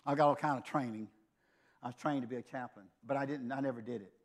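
A man's voice: medium pitch, steady tone, fast. An older man preaching a sermon, telling a personal story in an earnest, conversational way.

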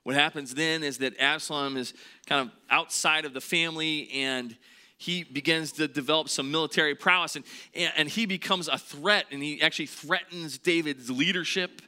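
A man preaching a sermon in an earnest way, dropping to a hushed voice on the heaviest points. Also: fairly high pitch, normal speed. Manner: earnest, drops to a hush on heavy points. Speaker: pastor.

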